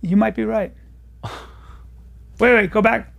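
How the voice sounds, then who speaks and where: A man's voice: high-pitched, fairly even intonation, a little slow, vocal fry, fairly bright tone. A male podcast co-host in casual banter, stammering and defensive.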